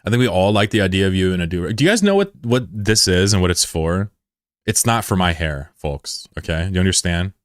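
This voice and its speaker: Young male streamer, deep and dry, loose, profane banter. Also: brisk, dry recording. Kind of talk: casual live-stream chat.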